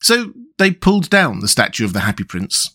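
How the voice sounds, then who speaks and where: A man narrating a classic tale and hosting his storytelling show in a calm, even manner. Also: mid-range voice, fairly quick. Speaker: storyteller and podcast host.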